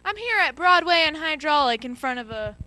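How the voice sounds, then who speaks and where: A woman playing an awkward, clueless field reporter in a spoof comedy sketch, speaking in halting, fumbling phrases. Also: sits high, sing-song, sharp tone, full character voice. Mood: bumbling.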